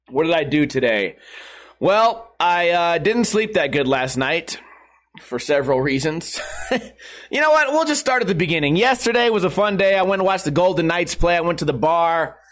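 Streamer man with a high voice, casual and profane, laughing his way through a rambling story. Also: expressive, moderate pace. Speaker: live streamer. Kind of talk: casual storytelling to a live chat.

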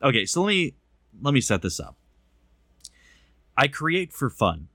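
Bright-voiced man, dry podcast banter. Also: medium pitch, big pitch swings, measured pace, no room sound. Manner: dry, self-deprecating jokes with casual swearing. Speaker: podcast co-host. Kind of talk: casual podcast chat.

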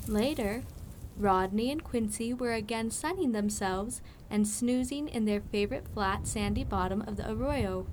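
A woman narrating a children's audiobook with slow, clear storytelling. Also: fairly high pitch, darkish tone, a little hiss or hum, poor audio.

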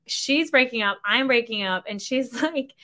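A woman in her thirties hosting a podcast, telling a story in a chatty, animated way and acting out the dialogue. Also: a little high, moderate pace. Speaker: podcast host. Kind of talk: casual storytelling monologue.

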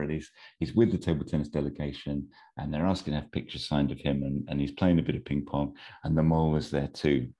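A man's voice: extremely low pitch, dark tone. A man casually retelling a made-up film plot, rambling with lots of ums and amused asides. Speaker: storyteller pitching a film plot. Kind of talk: casual chat.

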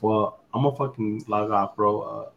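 A man's voice: fairly low pitch, steady tone, a little slow, creaky, a bit bright, dull audio. A man, a stand-up comic, chatting loosely on a podcast, full of "bro", swearing and Spanish asides. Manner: slangy, profane, drops Spanish phrases. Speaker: stand-up comedian and podcast co-host. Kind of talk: casual podcast chat.

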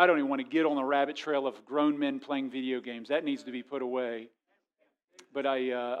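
A man preaches with a fairly high voice. He moves from loud, exclaiming passages to quiet asides. He acts out the voices of the people he quotes. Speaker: pastor. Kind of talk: sermon.

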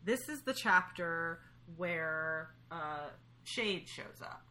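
A woman co-hosting a podcast, talking through a book in a relaxed, thoughtful way with hesitant restarts. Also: lowish voice, takes it slowly. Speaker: podcast co-host. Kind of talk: casual book discussion.

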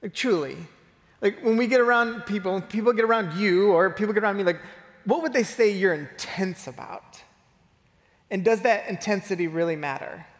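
A man preaches a conversational sermon. His voice sits high and he rambles through stories full of "like" and "um". The room behind him carries a long church-hall echo. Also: normal speed. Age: 40s. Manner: casual, storytelling, many fillers and restarts. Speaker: pastor.

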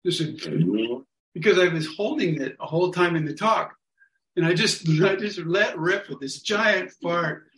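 A man casually telling a story to an online study group, acting out what people said in lively quotes. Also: high-pitched, a little slow. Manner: animated, acts out other people's lines. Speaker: workshop leader telling a story. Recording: echoey room sound.

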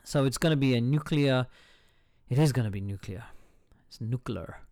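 A man's voice: medium pitch, normal speed, a little mellow, no room sound, clean studio sound. A man hosting a casual solo podcast, reading a book aloud, stumbling over hard words, cursing at himself and breaking off with joking asides. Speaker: podcast host.

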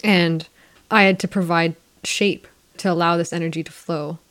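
A woman's voice: fairly low pitch, steady tone, normal speed, a bit bright. A woman co-hosting a podcast, telling a personal story in a casual, candid way with some casual swearing.

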